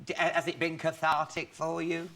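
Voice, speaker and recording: Playful higher-voiced chat show host. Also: male voice, monotone, moderate pace, very noisy. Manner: playful, mock-scolding.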